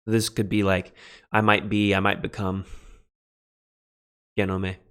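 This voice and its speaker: A man teaching a beginning Greek lesson on a livestream, relaxed and self-deprecating, spelling words out letter by letter. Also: lowish voice, a little slow, clear, resonant tone. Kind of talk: livestreamed lecture.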